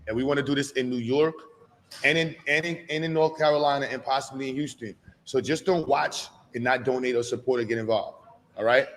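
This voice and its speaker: A man hosting a live expo, coaxing a child with playful, hype-filled encouragement. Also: medium pitch. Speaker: event host. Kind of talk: energetic live event hosting.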